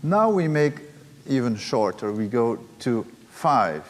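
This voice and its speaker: A man's voice: mid-range voice, sing-song, slow. A man leading a music workshop, explaining rhythm hesitantly with many fillers. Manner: hesitant, many fillers, counting beats and chanting drum syllables aloud. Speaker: workshop leader and percussionist. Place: large hall at a music academy. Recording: long hall reverb with drumming.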